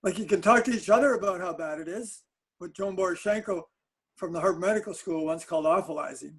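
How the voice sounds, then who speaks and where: A man telling animated anecdotes on a webinar chat, with frequent restarts and laughs. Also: high voice, quick pace, husky, poor audio. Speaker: sport psychologist guest.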